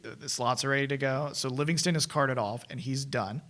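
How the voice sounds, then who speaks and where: A man co-hosting a film podcast, recapping a movie in a lively, rambling way and laughing often. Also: medium pitch, brisk. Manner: enthusiastic, laughs often, restarts phrases. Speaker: podcast co-host. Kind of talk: casual film review chat.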